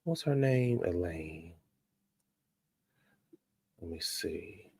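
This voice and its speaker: A man with a fairly low, gravelly voice recaps reality TV drama in a casual, gossipy way. He is sassy and quick to talk back at the people on screen. His voice sounds dry and close, with no room around it. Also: animated, darkish tone, no echo.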